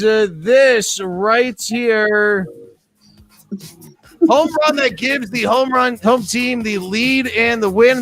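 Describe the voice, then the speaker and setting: A man's voice: very high voice, a bit bright, dry recording. A man hosting a live trivia podcast, reading out questions and joking with his co-hosts. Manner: joking, chatty, reads questions aloud. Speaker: trivia host.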